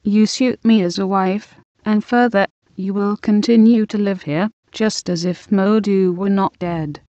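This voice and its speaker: A woman reading aloud the lines of a self-assured middle-aged man in a storybook, calm and assured. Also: mid-range voice, unhurried, no room sound, close to an everyday voice. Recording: dull lo-fi recording.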